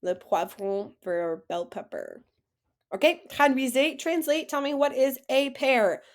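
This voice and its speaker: A woman French teacher leading a classroom-style lesson, saying words slowly for students to repeat and praising their answers. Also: high voice. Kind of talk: classroom lesson, slow model pronunciation.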